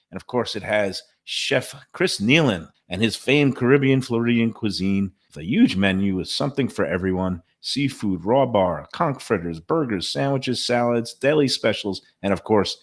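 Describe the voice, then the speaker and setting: A man's voice: fairly low pitch, dry recording, clean studio sound. A man reading upbeat restaurant advertisements on a talk show. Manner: upbeat, promotional. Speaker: radio show ad reader. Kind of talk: read-out restaurant ads.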